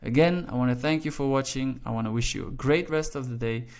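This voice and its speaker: A man's voice: mid-range voice, quick pace, a little mellow, smooth. Chatty man giving a language lesson. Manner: chatty, many "you know" fillers. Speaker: Dutch language tutor. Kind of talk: casual online language lesson.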